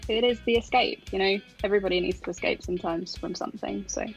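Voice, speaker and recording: A woman's voice: mid-range voice, fairly even intonation, fast, vocal fry. A woman musician speaks over a phone line in a live radio interview, chatty and self-deprecating. She laughs easily and fills her talk with ums, with faint music behind. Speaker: musician guest.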